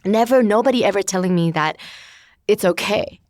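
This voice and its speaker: A woman's voice: mid-range voice, moderate pace, a little mellow, no room sound, clean studio sound. A woman in her thirties, a guest in an interview, talking candidly and searchingly about her life with many filler words. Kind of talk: reflective personal conversation.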